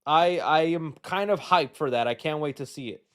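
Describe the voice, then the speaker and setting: A man hosting a casual live stream, answering chat questions in a rambling, jokey and animated way. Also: fairly high pitch, normal speed, smooth. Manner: rambling, animated, jokey, puts on silly voices.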